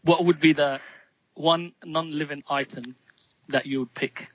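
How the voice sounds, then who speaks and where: A man co-hosts a podcast, asking questions with a teasing, playful edge. His voice sits fairly high for a man, close and dry, on slightly dull lo-fi audio. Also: steady tone, measured pace, a bit bright, no echo. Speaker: podcast co-host. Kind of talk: casual podcast chat. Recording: dull lo-fi sound.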